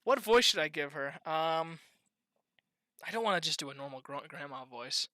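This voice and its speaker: A man's voice: on the high side, lively intonation, moderate pace, pushed and bright, dry recording, studio quality. A man streaming a game, chatting casually and joking about the voices he does. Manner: chatty, self-mocking. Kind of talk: casual gameplay commentary.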